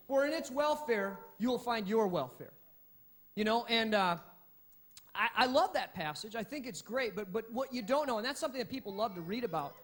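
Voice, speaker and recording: A man preaching a sermon as pastor, in a lively, conversational way with frequent restarts. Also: extremely high pitch.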